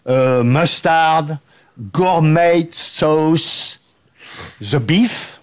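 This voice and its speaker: A man's voice: fairly high pitch, very slow, clean tone. A man with a French accent telling a comic anecdote in broken English, laughing through his own punchlines as a guest impressionist.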